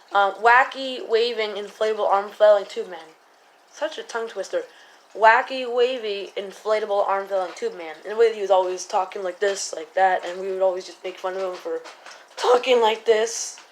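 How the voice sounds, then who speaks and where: A woman's voice: medium pitch, low-quality recording. A woman giving casual commentary to camera, rambling with many fillers and often stopping to correct herself. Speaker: political vlogger.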